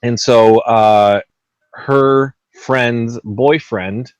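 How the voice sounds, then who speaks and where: A man's voice: medium pitch, steady tone, extremely slow, clear, resonant tone, no room sound, low-quality recording. A man hosting a casual gaming podcast, rambling with lots of ums and uhs and poking fun at himself. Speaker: podcast host.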